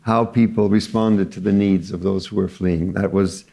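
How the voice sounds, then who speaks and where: Low gravelly older cardinal. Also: male voice, fairly even intonation, mellow. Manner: measured, hesitant, many fillers. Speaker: cardinal, panel guest. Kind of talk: panel discussion answer.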